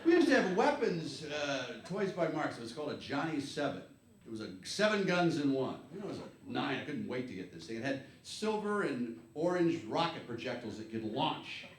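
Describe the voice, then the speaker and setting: A man in his fifties from the United States doing a stand-up comedy set, telling rambling, wry stories and shouting his punchlines. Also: fairly high pitch, big pitch swings, a little fast. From USA. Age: 50s. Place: comedy club stage. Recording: echoey live club, clear background noise.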